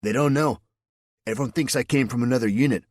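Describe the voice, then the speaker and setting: A man's voice: mid-range voice, quick pace, dry recording, studio quality, pitched above the performer's own voice, natural voice. Man doing a laid-back surfer-dude soldier. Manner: relaxed surfer drawl.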